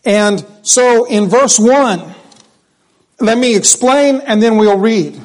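A man's voice: high voice, lively intonation, slow, darkish tone. A middle-aged man, a pastor, preaching a sermon in a conversational, joking way that repeats phrases.

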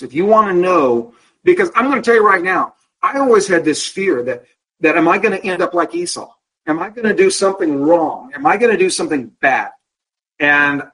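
A man teaching a Bible study class in a conversational way. He often asks the class questions, checks in with "okay?", and slows down to stress key words. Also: fairly high pitch, a bit bright, poor audio.

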